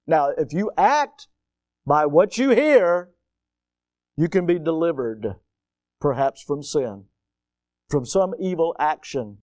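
An older man preaching a sermon as a pastor, dramatic and swinging from quiet, low lines to sudden loud, high cries for emphasis. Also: no echo. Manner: dramatic, rising to near-shouts for emphasis.

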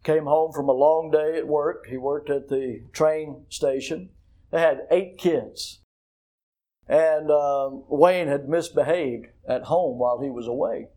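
A man preaching from the pulpit, his voice sitting a little high for a man. He tells stories in a storytelling cadence, going soft and low, then bursting into loud rhetorical questions. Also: slow, rough recording. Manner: storytelling, swinging from hushed to loud emphatic questions. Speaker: pastor. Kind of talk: sermon.

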